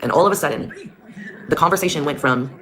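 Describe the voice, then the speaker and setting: A woman's voice: deep voice, fast, fairly bright tone, a little hiss or hum. A woman telling her own story as a mother in a blunt, heated way, with heavy swearing. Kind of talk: personal storytelling. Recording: clear music behind the voice. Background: music.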